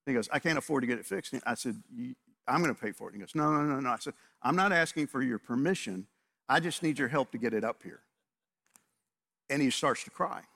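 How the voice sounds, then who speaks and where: A man preaching, acting out the back-and-forth of a story in lively voices. His voice sits at a middle pitch as he shifts from everyday anecdote to earnest appeal. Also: a little fast, vocal fry. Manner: animated storyteller, acts out both sides of conversations. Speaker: pastor. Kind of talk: sermon with storytelling.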